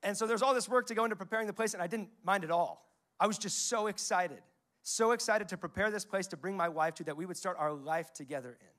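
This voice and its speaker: A man's voice: high voice, fast talker, a bit bright. A young man in his twenties or thirties preaching a sermon as a pastor, telling stories in a conversational way and quoting scripture. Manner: conversational storytelling, quotes scripture.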